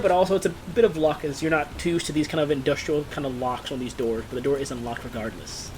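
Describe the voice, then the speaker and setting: A man running a tabletop game as game master, describing scenes and calling for rolls in quick, lively narration. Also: on the high side, slight background noise.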